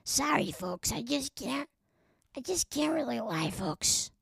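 A mumbling, halting woman with a deeply gravelly drawl who can't seem to finish a thought, as a comedian puts her on. The voice rides up well above the performer's own. It is heard close and dry, with no room around it. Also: very animated, dry recording, full character voice. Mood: bewildered drawl. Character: babbling raspy woman who can't lie.

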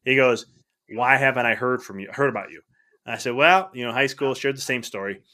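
A middle-aged man as a podcast guest, telling stories in a casual, animated way, acting out the dialogue with frequent restarts. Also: medium pitch, brisk. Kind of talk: casual storytelling.

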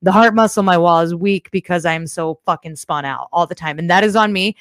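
A woman's voice: on the low side, brisk, no echo. A woman hosting a casual livestream show, chatting bluntly with viewers, swearing freely, and rambling through asides from her home setup. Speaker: podcast host.

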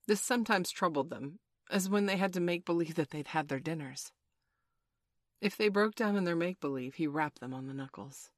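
A woman reading a classic storybook aloud in a calm, measured, expressive way. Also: on the low side, no echo, clean studio sound. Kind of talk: storybook read-aloud narration.

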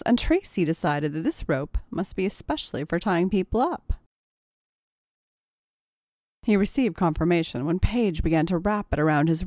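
A woman narrating an adult audio story in a steady, even storytelling manner. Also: lowish voice, dry recording, clean studio sound. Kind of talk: erotic audio story reading.

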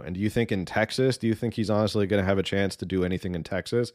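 Rambling opinionated man, low dry voice. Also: fairly even intonation, quick pace, few pauses, a little mellow, no echo. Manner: rambling and opinionated, many ums. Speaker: political commentator. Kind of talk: casual political commentary.

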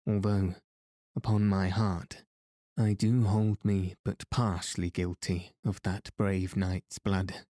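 A man's voice: low-pitched, level tone, slow, warm tone, no echo, studio quality. A man reading the part of an earnest young knight who answers politely and hesitantly in old-fashioned speech. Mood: flustered.

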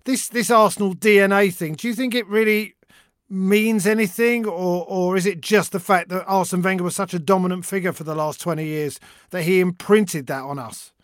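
A man hosting a podcast, reading an ad and putting questions to guests in a brisk, upbeat way. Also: high voice, no room sound, clean studio sound. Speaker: podcast host.

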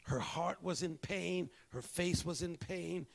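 Gravelly high-voiced male pastor preaching. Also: slow. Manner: storytelling preacher, swings between hushed and emphatic. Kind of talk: sermon.

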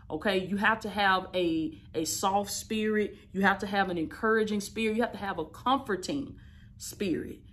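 A woman in her thirties, a life coach, giving an emphatic, repetitive motivational talk with an affectionate, preachy warmth. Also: mid-range voice. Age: 30s. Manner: emphatic, repetitive, preachy, affectionate, calls listeners "baby" and "y'all". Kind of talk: motivational teaching talk to camera.

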